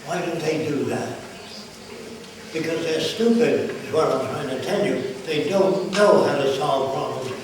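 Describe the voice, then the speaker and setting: A man's voice: fairly high pitch, unhurried. An older man giving a blunt public lecture full of anecdotes, acting out the voices he quotes. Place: large lecture hall. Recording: echoey hall from far off, noisy.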